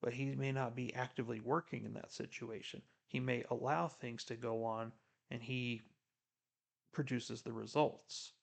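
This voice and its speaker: A man's voice: medium pitch, fairly even intonation, moderate pace, creaky. A man giving earnest devotional commentary on a Bible reading, preacherly and encouraging. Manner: earnest, preacherly, drops to a hush for God's quoted words.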